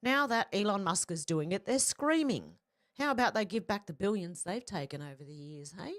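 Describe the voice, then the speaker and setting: A woman's voice: medium pitch, expressive, normal speed. An Australian woman reading out social media posts and commenting on them in a casual, blunt, profane way, with frequent asides. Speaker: political commentary vlogger.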